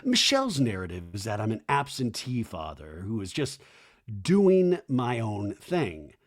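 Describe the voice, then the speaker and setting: A man voicing a defensive, self-pitying reality-TV father in a low, hushed, sulky voice. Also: huge pitch swings, unhurried.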